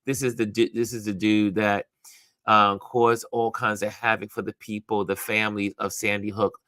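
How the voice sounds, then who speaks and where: A talkative man hosting a live online show, loose and conversational, breaking off to greet viewers. His voice sits on the low side and is recorded close and dry, with no room sound around it. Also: little pitch movement, normal speed, sharp tone, no room sound. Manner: chatty, greets viewers by name, many restarts. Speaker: livestream host. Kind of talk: casual live-stream commentary.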